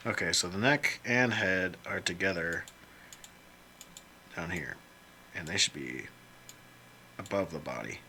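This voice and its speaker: Slow-talking man joking to himself while drawing. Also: low voice, bright, forceful tone, a little hiss or hum. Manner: rambling, jokey self-talk with mild swearing. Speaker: illustrator drawing on screen. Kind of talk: casual commentary while drawing.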